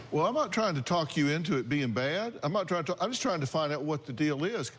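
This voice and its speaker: A man hosting a talk show, questioning guests bluntly and with exasperation, slowing down to lecture. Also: a little high, animated, a bit bright, a little hiss or hum.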